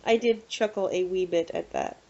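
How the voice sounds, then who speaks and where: A woman co-hosting a casual podcast, ranting with animated exasperation. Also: lowish voice, normal speed. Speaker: podcast co-host. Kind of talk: casual chat. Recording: dull lo-fi recording.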